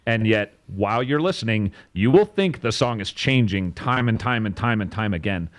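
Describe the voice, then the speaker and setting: Enthusiastic male co-host, lowish voice, casual and emphatic. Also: animated, moderate pace. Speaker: co-host giving music feedback. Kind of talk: casual live-stream chat.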